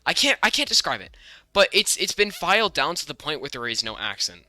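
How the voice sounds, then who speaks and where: Bright-voiced young American man, rambling. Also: fairly high pitch, very animated, no echo. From United States. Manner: rambling, many restarts, fast bursts. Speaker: podcast co-host. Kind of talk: casual chat.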